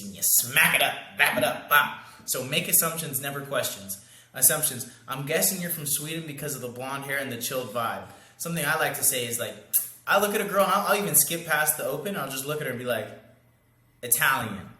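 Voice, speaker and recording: A man's voice: a little high, bright, forceful tone. A young man coaching in a casual, slangy monologue, acting out pickup lines and sound effects. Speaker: dating coach. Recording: echoey room.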